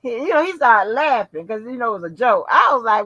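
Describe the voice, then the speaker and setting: A woman hosting her own channel, telling a story in casual chat, animated and profane, acting out what people said. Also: fairly high pitch, fairly quick, husky, dry recording, muffled recording. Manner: animated, profane, acts out quotes. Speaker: channel host.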